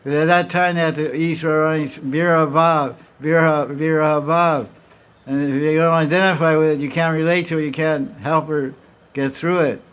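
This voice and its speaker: A man's voice: on the high side, fairly bright tone, clean tone. A man giving a devotional talk, telling stories and acting out the characters' dialogue, with many restarts. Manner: acts out dialogue between characters in storytelling; frequent restarts and repeated words. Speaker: spiritual teacher.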